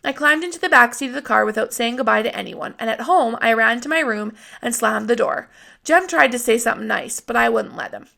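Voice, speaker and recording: A woman reading a novel aloud with steady storytelling narration. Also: fairly high pitch, fairly quick, vocal fry. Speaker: reader of a novel.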